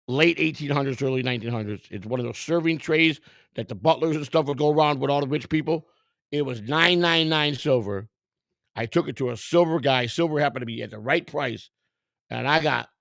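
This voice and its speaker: A man's voice: mid-range voice, vocal fry, no room sound, clean studio sound. A middle-aged man hosting a vlog, giving casual, rambling, profane commentary in a streetwise way. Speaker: vlog host browsing storage auctions.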